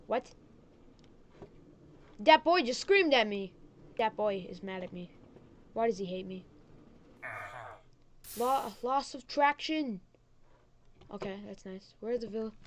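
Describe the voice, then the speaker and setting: Goofy high-voiced woman narrating her game. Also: lively intonation, measured pace, long pauses. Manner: goofy and chatty, jumping between mutters, whispers and sudden squeals. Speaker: gaming channel host. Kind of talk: casual let's-play commentary. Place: at home.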